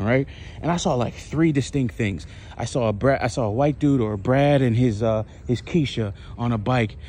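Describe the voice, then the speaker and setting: Male vlogger, loose profane storyteller, average pitch, a little room noise behind. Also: darkish tone. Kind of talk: casual rambling monologue.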